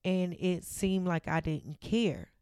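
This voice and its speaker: Smooth-voiced woman giving life advice. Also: fairly low pitch, slow, dark tone, dry recording, clean studio sound. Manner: conversational, coaching, acts out quoted voices. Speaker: self-help speaker. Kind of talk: motivational talk to viewers.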